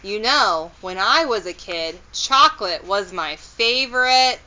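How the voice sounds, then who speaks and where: A woman voicing a friendly adult male mayor in a children's storybook read-aloud, genial and unhurried. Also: medium pitch, expressive, bright, forceful tone, dull audio.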